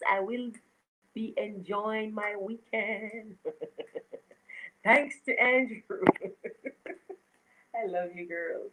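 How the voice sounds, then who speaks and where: Lively woman hosting a live stream. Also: low voice, low-quality recording. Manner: animated, laughs often, shouts greetings to viewers. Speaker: livestream host. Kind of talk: casual live-stream chat reading comments.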